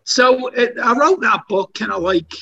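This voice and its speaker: A man with a Scottish accent softened by years in the States, an author and coach giving candid, wry interview answers. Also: very high-pitched, unhurried, gravelly, muffled recording, slight background noise. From Scotland. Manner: relaxed, candid, wry storyteller. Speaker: author and coach, podcast guest.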